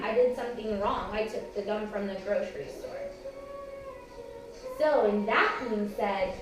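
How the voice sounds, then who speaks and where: High gentle woman, kids' yoga teacher, coaxing, recorded far off in an echoey room with music behind. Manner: gentle, coaxing, talks to small children. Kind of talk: guiding children through yoga with a story. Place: preschool classroom.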